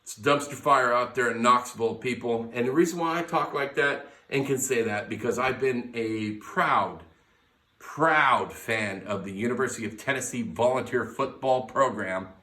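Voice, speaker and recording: A man's voice: medium pitch, moderate pace, pushed and bright. A man hosting a casual sports podcast from his garage, brash and blunt, swearing freely as he runs through teams and picks. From United States. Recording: echoey garage, mic at a distance.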